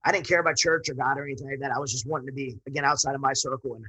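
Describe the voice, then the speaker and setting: A man's voice: medium pitch, fairly even intonation, racing, bright, forceful tone, breathy edge, poor audio. A man, a military veteran guest, telling his personal story in an earnest, rambling way with frequent restarts.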